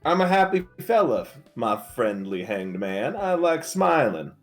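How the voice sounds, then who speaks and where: A man's voice: medium pitch, big pitch swings, measured pace, faint music behind. A man voicing a smiling Old West fortune teller and card dealer, teasing in a sly drawl. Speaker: streamer host. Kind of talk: live-streamed murder mystery role-play.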